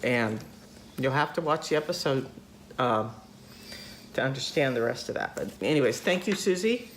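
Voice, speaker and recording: A woman's voice: very deep voice, animated, moderate pace, a little hiss or hum. An older woman hosting a casual chat, talkative, laughing often and acting out voices in her stories. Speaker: host.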